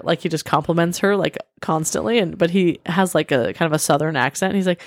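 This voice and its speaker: A woman's voice: low-pitched, a little fast, hardly any pauses, no echo, studio quality. A woman in her thirties co-hosting a podcast, chatting casually and rambling with lots of filler words. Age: 30s. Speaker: podcast co-host. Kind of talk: casual chat.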